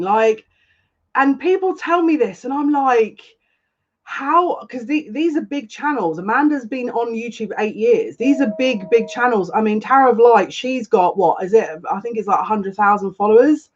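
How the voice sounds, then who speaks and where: A woman's voice: a little high, lively intonation, normal speed. A woman hosting a casual live stream as a psychic tarot reader, greeting viewers by name, effusive and on the verge of tears. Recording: slightly dull lo-fi sound.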